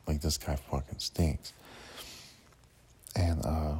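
A man's voice: a bass voice, little pitch movement, takes it slowly, warm tone, breathy edge. A man casually telling a rambling, profane story about his day, full of fillers and restarts.

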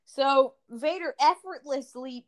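A woman's voice: sits high, slow pace, poor audio. A woman hosting a casual game review podcast, recapping the story in a rambling, jokey way. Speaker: podcast host.

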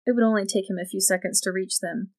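A woman narrating a novel in an even, measured storytelling voice. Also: mid-range voice. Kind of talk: audiobook narration.

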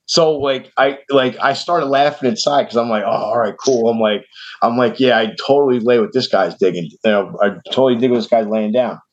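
A man from New York with a New York accent, casually telling a long story on a podcast and acting out the voices of the people in it. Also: brisk. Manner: animated, acts out quoted voices in a higher pitch. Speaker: podcast host. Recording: dull lo-fi podcast audio.

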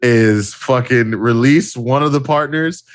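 A man's voice: mid-range voice, unhurried. A man co-hosting a casual podcast, agreeing readily and driving his points home by repeating them. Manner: emphatic, agreeable, repeats for emphasis. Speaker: podcast co-host. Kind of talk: casual wrestling podcast chat.

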